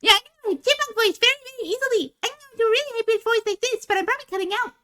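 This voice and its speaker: Squeaky cartoon-chipmunk critter, very quick, shrill, bright. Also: female voice. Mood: chirpy. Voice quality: squeaky, piping. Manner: rapid chipper chatter. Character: tiny squeaky chipmunk-style critter, chirpy.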